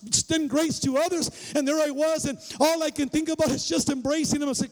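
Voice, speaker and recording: A male pastor from a Mexican-American migrant family, preaching with stories, acting out dialogue and shouting for emphasis. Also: very high-pitched, fairly even intonation, brisk, hardly any pauses. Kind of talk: sermon with storytelling. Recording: long reverb of a large hall.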